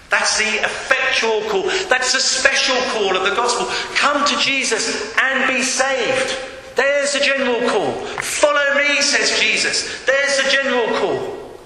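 A man's voice: sits high, bright, forceful tone. A man preaching an earnest sermon, rising into calls and appeals, in a church hall. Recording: echoey hall with long reverb.

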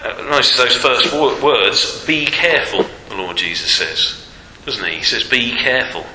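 A male preacher giving a Sunday sermon, asking rhetorical tag questions and pausing on fillers, in a church hall with a long reverb. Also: mid-range voice, lively intonation, bright, forceful tone. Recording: roomy hall reverb, faint noise.

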